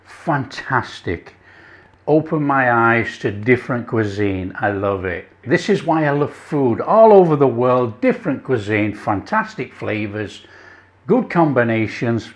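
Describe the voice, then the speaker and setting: A man's voice: medium pitch, big pitch swings, unhurried. An Englishman hosting a cooking channel, tasting his food with enthusiastic chuckles and savoring sounds. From England. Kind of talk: casual cooking vlog with tasting.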